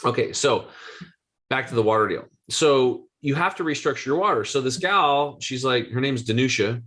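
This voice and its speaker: A man in his forties, a guest health coach, telling a story with excitable, slangy energy. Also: medium pitch, moderate pace. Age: 40s. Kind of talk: animated storytelling.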